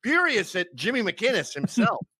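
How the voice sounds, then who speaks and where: Speaking a little fast in a mid-range voice, a middle-aged Canadian podcast guest tells casual stories and impersonates the people in them using loud put-on voices. He is animated throughout, and the recording is dry.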